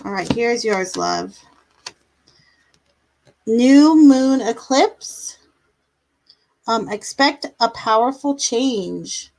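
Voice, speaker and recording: A woman's voice: fairly high pitch, expressive, drawn-out words, vocal fry, long pauses, darkish tone, low-quality recording. A woman doing tarot readings on a live stream, chatty, laughing now and then, drawing out her words. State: yawning, a bit tired. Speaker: tarot reader.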